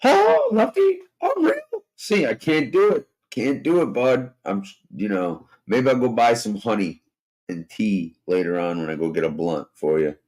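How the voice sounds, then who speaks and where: A hoarse man chatting casually and profanely to his live-stream viewers, rambling from topic to topic. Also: fairly low pitch, lively intonation, normal speed, a little mellow, poor audio. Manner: profane, rambling and laid-back. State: hoarse, strained voice. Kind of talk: casual livestream chat.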